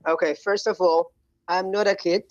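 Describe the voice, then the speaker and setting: A man's voice: high-pitched, fairly even intonation, normal speed, dull audio. A man with an Arabic accent in a heated call-in debate, hesitant and repeating himself as he tries to get a word in. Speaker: caller in a debate.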